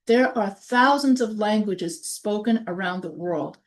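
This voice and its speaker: A woman's voice: mid-range voice, a little slow. A woman with a New York accent, a college instructor giving a recorded online lecture and explaining in short phrases, partly reading from notes.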